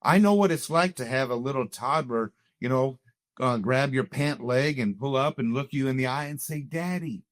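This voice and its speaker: A man's voice: mid-range voice, moderate pace, no echo, clean studio sound. A man sharing a heartfelt personal testimony as a guest in a conversation, telling it earnestly. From Canada. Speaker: guest sharing his story.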